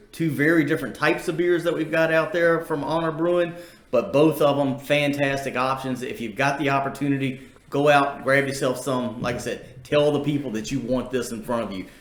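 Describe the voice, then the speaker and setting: A man's voice: medium pitch, moderate pace. A man hosting a casual chat, upbeat and handing the talk to his co-hosts. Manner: upbeat, hosting, hands off to guests. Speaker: host. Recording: echoey room.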